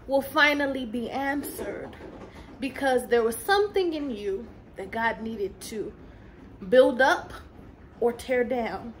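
A woman delivers a fervent, preachy motivational faith talk with a fairly high voice. She slows down to press her points home and mixes in casual asides and light laughs. A faint hiss sits under the recording. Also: low-quality recording. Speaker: Christian motivational coach.

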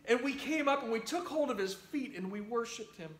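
A man's voice: extremely high pitch, expressive, a little fast, fairly bright tone, slight background noise. A man preaching an Easter sermon, telling the story dramatically and acting out news-report voices. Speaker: pastor. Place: church sanctuary. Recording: echoey church room.

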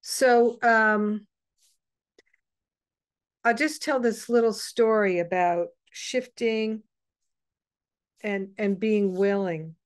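Woman host, unhurried and soft, wanders through a story with pauses; dry, close sound. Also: mid-range voice, steady tone, clean tone, dry recording. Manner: meandering and gentle, with frequent pauses and restarts. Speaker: host of an online spiritual gathering. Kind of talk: personal storytelling to an online group.

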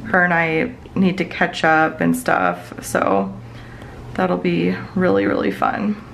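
A woman's voice: lowish voice, sing-song, slow, vocal fry, fairly bright tone, a little hiss or hum, poor audio. Chatty woman rambling with lots of fillers. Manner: rambling, many fillers like "like" and "you know". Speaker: planner vlogger. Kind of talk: casual chatty plan-with-me talk. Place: home office.

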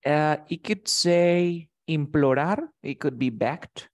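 Male English teacher, slow and patient, repeats points and checks comprehension. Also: fairly high pitch. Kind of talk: bilingual vocabulary lesson with a student.

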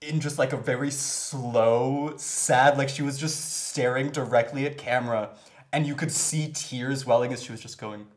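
Relaxed man telling set stories. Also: medium pitch, moderate pace. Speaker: cast member co-host. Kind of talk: casual chat.

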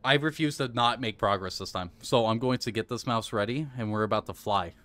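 A man's voice: fairly low pitch, fairly quick, clean tone. A man streaming live gameplay, talking himself through each move and flaring into swearing rage between laughs. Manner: excitable, swears and rages, coaches himself aloud.

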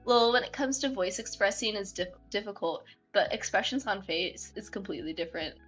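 A woman's voice: medium pitch, a little fast, soft background music. Bubbly, giggly young woman streamer. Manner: bubbly, expressive, giggly, rambling. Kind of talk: casual live-stream chat. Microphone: desktop mic, no webcam.

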